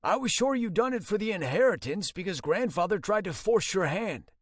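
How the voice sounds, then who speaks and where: A man's voice: high-pitched, expressive, brisk, no room sound, studio quality, voice pushed up. A man voicing a smug adult brother who defends himself self-righteously. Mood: defensive.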